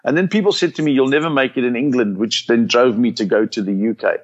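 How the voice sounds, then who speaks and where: An older man with a South African accent, a comedian telling lively anecdotes in an interview and acting out the lines he quotes. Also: mid-range voice, fast talker. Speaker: comedian guest. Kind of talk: storytelling interview chat. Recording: slightly dull lo-fi sound.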